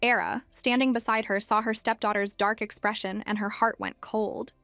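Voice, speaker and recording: A woman narrating a story recap in an even, measured storytelling manner. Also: mid-range voice, dry recording, faint music behind.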